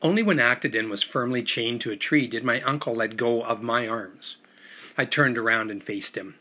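A man reads a first-person story aloud at a steady, measured pace. His voice sits at a middle pitch, bright in tone with a husky grain. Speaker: audiobook narrator. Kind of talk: scripted first-person narration.

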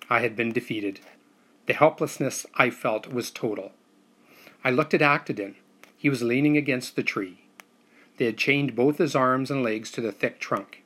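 A man giving a steady, measured first-person audiobook narration. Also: mid-range voice.

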